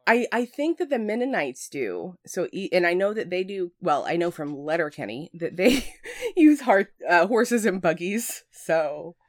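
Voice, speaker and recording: A woman with a fairly low voice co-hosting a relaxed podcast. She chats freely, laughs easily and drifts into personal anecdotes. The mic is close and dry, with no room sound. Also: measured pace, no echo. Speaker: podcast co-host. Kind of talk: casual podcast chat.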